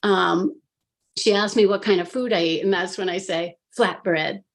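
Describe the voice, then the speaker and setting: A woman's voice: mid-range voice, normal speed. A woman recounting her own hypnosis session in casual, filler-heavy storytelling on a video call, acting out what she said. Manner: animated, filler-heavy retelling with acted quotes of herself. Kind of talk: casual storytelling on a live panel.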